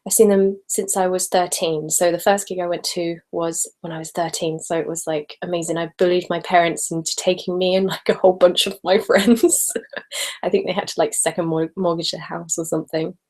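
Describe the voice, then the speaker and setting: A woman's voice: lowish voice, flat delivery, fairly quick, a little mellow, rough recording. A young woman chats casually on a live webcam stream from a room at home. She speaks in her ordinary voice, not a whisper, and fills her talk with ums, likes and little laughs as she reads comments. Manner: chatty, giggly, many ums and likes. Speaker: ASMR channel host in live hangout.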